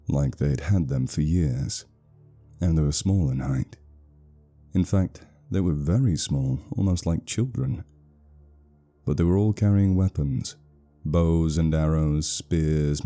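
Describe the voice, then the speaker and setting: Very dark, deep male horror narrator. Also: slow pace, soft background music.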